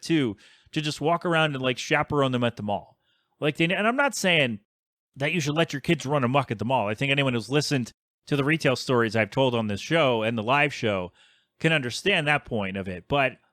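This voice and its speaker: A man's voice: medium pitch, a bit bright, no echo, studio quality. Chatty man rambling on a podcast. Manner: chatty, grumbling, lots of fillers and asides. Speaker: podcast host. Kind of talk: casual solo rambling.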